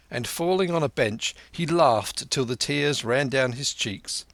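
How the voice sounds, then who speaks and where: Slow, measured male audiobook narrator. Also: mid-range voice, a bit bright, no room sound.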